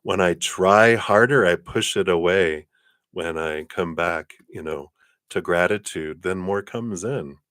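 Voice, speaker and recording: Man, deep voice, casual spiritual livestream talk, animated and laughing, dry close sound. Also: slow pace, dry recording. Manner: animated, laughing, acts out his own past thoughts. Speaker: tarot reader on a livestream.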